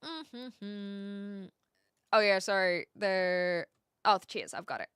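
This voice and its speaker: A woman's voice: medium pitch, expressive, slow pace, a bit bright, clear, resonant tone, no echo, studio quality. A woman with an Australian accent, chatting casually with her live stream viewers, often restarting her sentences as she answers the chat.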